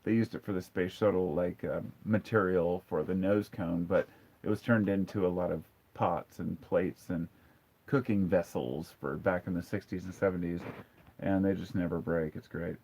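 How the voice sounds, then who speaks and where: A man's voice: sits low, steady tone, moderate pace, darkish tone. A man in his forties hosting a casual live stream, candid and blunt as he answers viewer comments. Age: 40s. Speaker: livestream host. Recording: dull lo-fi sound.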